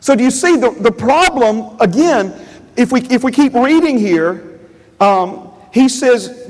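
A man's voice: extremely high pitch, expressive, moderate pace, long reverb tail, poor audio. A male pastor preaching a sermon, repeating phrases and asking the congregation questions. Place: church.

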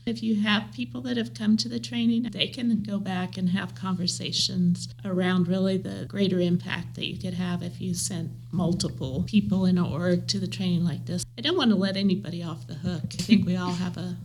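A woman's voice: on the low side, fairly even intonation, brisk, hardly any pauses, slight background noise, poor audio. A woman with an American Midwestern accent, answering interview questions in a reflective, earnest way. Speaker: guest, leadership trainer.

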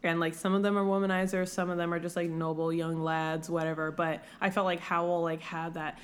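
A young woman co-hosting a podcast in casual chat, animated and laughing often, swearing now and then. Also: on the low side, fairly quick. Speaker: podcast co-host.

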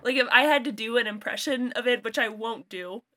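A woman cast member of a podcast chatting casually, halting and correcting herself as she talks. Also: fairly high pitch, sharp tone. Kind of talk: casual chat.

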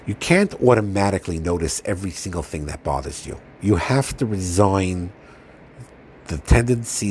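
Deep-voiced man, earnest and gentle lecturer, faint hiss under the recording. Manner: earnest, gentle, often pauses with fillers and restarts. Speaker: Torah teacher giving a marriage talk. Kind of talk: informal religious lecture.

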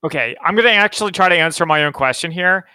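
A man co-hosts with a wry, teasing manner, his voice pitched high and bright. He poses pointed questions, then answers them himself. The recording is close and dry. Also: lively intonation, fast, smooth, no room sound. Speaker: podcast co-host. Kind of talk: casual chat.

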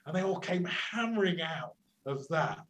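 Animated older man telling protest stories. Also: a little high, moderate pace, a little hiss or hum, poor audio. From England. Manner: lively anecdotal telling with many restarts and acted quotes. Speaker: climate scientist and lecturer, interview guest. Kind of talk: storytelling interview answers.

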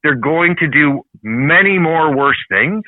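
A man from Canada hosting a heated political talk show, ranting fast and swearing often. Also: a little high, animated, no room sound. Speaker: show host. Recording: dry, phone-like narrow sound.

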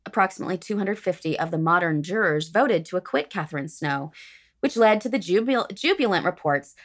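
A woman's voice: fairly low pitch, expressive, fairly quick. A woman podcast host reading a prepared history segment with dry, sardonic asides.

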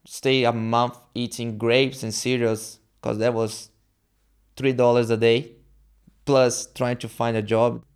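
A young adult man from Brazil, Portuguese being his first language, with a Brazilian accent, being interviewed and animatedly acting out quoted dialogue in halting English. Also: medium pitch, smooth. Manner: animated, acts out quoted dialogue, halting non-native phrasing. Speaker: guest. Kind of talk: casual storytelling interview.

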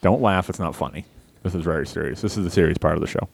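A man co-hosting a podcast, trading deadpan, absurd jokes in loose banter over headphones. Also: low-pitched, quick pace, creaky, a little hiss or hum. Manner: deadpan absurd, mock-serious. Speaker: podcast co-host. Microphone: headphones and studio mic.

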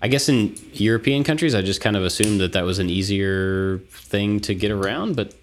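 A man's voice: fairly low pitch, moderate pace, a little hiss or hum. A man hosting a casual chat in a laid-back, self-deprecating way. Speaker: podcast host.

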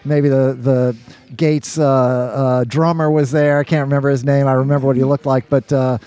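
A man telling a rambling old road story in casual conversation, halting and restarting often. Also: mid-range voice, level tone, warm tone, clear, resonant tone. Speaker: co-host, former touring musician.

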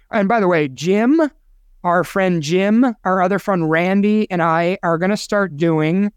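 A man with a high, smooth voice holds forth on a casual podcast, rambling and opinionated, often getting himself worked up. The sound is dry and close, with no room echo. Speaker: co-host.

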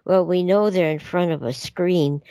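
A woman's voice: fairly low pitch, normal speed, mellow, dry recording. A woman calling in to a radio talk show, speaking in a hesitant, casual way with many fillers. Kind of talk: casual chat.

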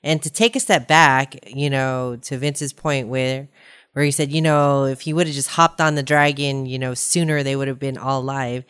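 Low-voiced woman in casual chat. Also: fairly even intonation, normal speed, a bit bright, clear, resonant tone.

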